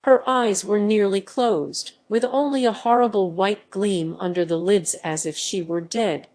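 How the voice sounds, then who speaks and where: A woman narrating a classic novel as an audiobook in a measured, even reading. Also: mid-range voice. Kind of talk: scripted narration.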